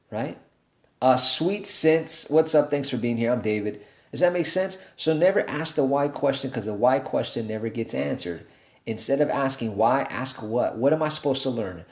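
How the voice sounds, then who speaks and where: A man in his thirties giving a motivational talk on a livestream, telling a story in a casual, animated way. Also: medium pitch, roomy sound. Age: 30s. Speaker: motivational speaker.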